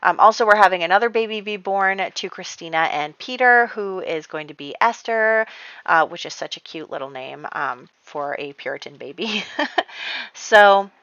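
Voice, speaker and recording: A woman's voice: medium pitch, moderate pace, a bit bright, clean tone, dry recording, muffled recording. A woman chatting through her life-simulation game, rambling casually and laughing often. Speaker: gaming YouTuber. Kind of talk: casual gameplay commentary.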